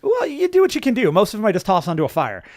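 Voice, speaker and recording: A man's voice: high voice, wildly swooping pitch, very fast, darkish tone, no echo. A middle-aged man co-hosting a podcast, chatting casually about video games, rambling with lots of restarts and fillers. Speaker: podcast co-host.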